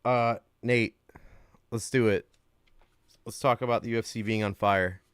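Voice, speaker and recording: A man co-hosting a sports betting podcast in casual chat, loud and profane, laughing often. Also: on the low side, fairly even intonation, a little slow, clear, resonant tone, no room sound. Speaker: podcast co-host.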